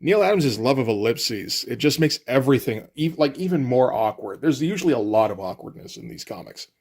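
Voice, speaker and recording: A man's voice: mid-range voice, sing-song, brisk, darkish tone. A man giving casual, wry commentary while reviewing a comic, rambling with frequent fillers.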